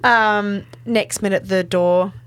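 A woman, recapping a TV episode in casual chat, full of "like" and "um" and quick laughs. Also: medium pitch, steady tone, clear, resonant tone. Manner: chatty, filler-heavy with frequent "like" and "um", laughs often. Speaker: podcast co-host.

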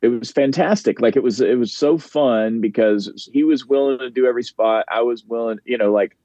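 A man's voice: medium pitch, fairly quick, dark tone, dry recording, muffled recording. A man, a professional wrestler, chatting as a podcast guest, rambling with easy laughs and dropping names of fellow wrestlers. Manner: rambling, laughs easily, name-drops peers. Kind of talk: casual podcast chat.

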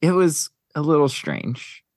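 A man's voice: a little high, huge pitch swings, unhurried, darkish tone, no room sound, clean studio sound. A man hosting a podcast in casual chat, rambling with lots of fillers as he counts down a list. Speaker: podcast host.

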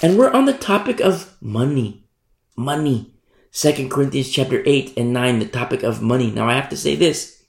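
A man's voice: medium pitch, expressive, normal speed, gravelly. A male pastor preaching a sermon, emphatic and repeating his key phrases. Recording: roomy echo.

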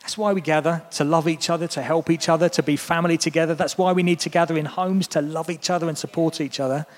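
An earnest man delivers a sermon with a slightly high-pitched voice, urging his listeners on with warmth of purpose. His words ring out with the long, lingering reverb of a church hall. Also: steady tone, fast talker. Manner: earnest, encouraging address to a congregation. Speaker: preacher.

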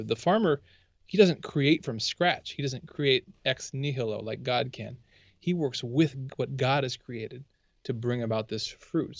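A man's voice: medium pitch, no room sound, highs cut off. A man talking about faith in a casual discussion, earnest and eager, often stumbling and restarting his sentences.

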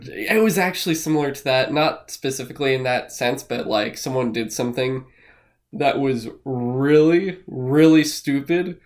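Excitable male co-host, rambles, curses freely, casual podcast chat. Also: mid-range voice, normal speed. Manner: rambling, excitable, swears often.

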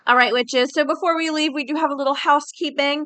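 A woman's voice: sits high, steady tone, quick pace, bright, forceful tone. A woman hosting a podcast, talking casually and reading aloud with filler words like uh and um. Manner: chatty, reads aloud with fillers. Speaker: podcast host.

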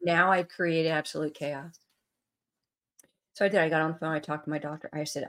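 A woman's voice: low voice, fairly even intonation, fairly quick, long pauses, fairly bright tone. A middle-aged woman telling an emotional personal story as a guest in an interview.

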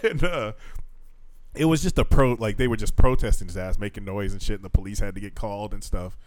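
This man's voice sits on the low side and moves briskly as he co-hosts a relaxed podcast. Profane and laughing, he spins animated stories, and the audio has no echo.

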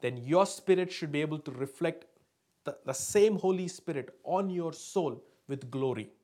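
Male pastor, slightly higher voice, emphatic sermon delivery with call-and-response and loud-soft swings. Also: moderate pace. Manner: emphatic, often asks the congregation for replies. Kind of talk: sermon to a live congregation.

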